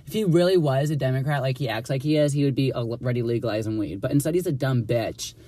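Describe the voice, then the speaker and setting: A man's voice: mid-range voice, quick pace, mellow, dry recording. A young man telling a personal story in a casual, profane, sassy way, full of "like" fillers. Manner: chatty, profane, filler-heavy with constant "like"; dramatic, sassy retelling.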